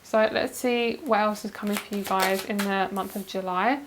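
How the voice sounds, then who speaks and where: A woman's voice: medium pitch, steady tone, moderate pace, noisy background. Gushing, effusive tarot-reading woman. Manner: gushing and effusive, swears casually, laughs often; calls viewers girl and you guys. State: emotional, near tears. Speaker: tarot card reader. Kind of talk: pick-a-card tarot reading to camera.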